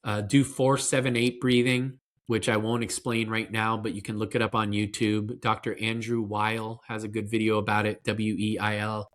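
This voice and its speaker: A man's voice: fairly low pitch, completely flat delivery, normal speed, hardly any pauses, a bit bright. A man being interviewed as a parenting expert, explaining in an earnest, conversational way with fillers and restarts.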